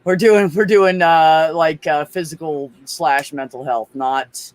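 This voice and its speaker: Man guest on a casual chat show, slightly higher voice, animated, freely profane. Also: slow, a crowd in the background. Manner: animated, swears freely, storytelling.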